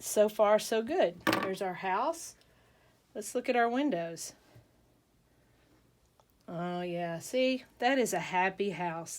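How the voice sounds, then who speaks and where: A woman hosting a casual crafting tutorial, chatty and rambling, with asides and jokes. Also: medium pitch.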